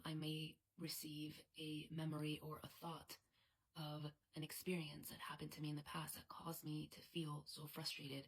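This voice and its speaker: A woman with a low, husky voice coaching a tapping exercise. Her delivery stays soft and often drops to a whisper. The pitch barely moves, and a gravelly edge runs under her words. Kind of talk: guided tapping instruction.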